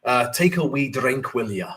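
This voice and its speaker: A man's voice: mid-range voice, expressive, measured pace, a bit bright, recorded from a distance. A man voicing a jovial Scottish male drinking buddy with a cheerful, coaxing Scottish accent.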